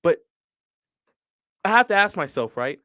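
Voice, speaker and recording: A man's voice: a little high, very animated, unhurried, pushed and bright, dry recording. A young man, a podcast guest, telling a long personal story in casual conversation, with many restarts.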